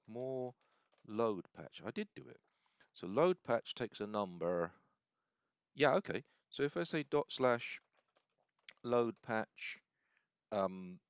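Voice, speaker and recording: A deep-voiced man talks through a software demo off the cuff, thinking aloud and stumbling over his own corrections. The sound is dry and close, a little dull and lo-fi, like a desk mic in a small room. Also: clean tone, dry recording. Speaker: hobbyist demonstrating software. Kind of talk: casual screen-recorded demo.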